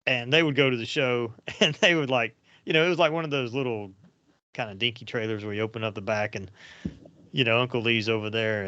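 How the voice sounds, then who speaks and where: A man's voice: mid-range voice, a bit bright, no echo. A man, hosting a podcast and telling rambling, anecdotal stories in casual chat. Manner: rambling and anecdotal, with frequent fillers. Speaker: podcast host. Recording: dull lo-fi sound, dry.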